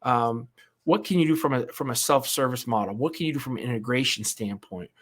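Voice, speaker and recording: A man's voice: mid-range voice, a little fast. A man hosting a podcast, talking casually on his own, rambling, repeating words and asking "right?" again and again. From United States. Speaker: podcast host. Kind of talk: casual solo commentary.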